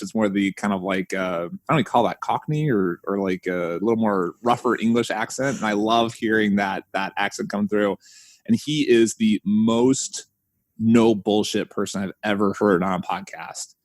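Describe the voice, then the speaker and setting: A man hosting a casual podcast chat, telling stories with animated jumps in his voice. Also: no room sound. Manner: animated storyteller, mimics voices with big pitch jumps. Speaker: podcast host.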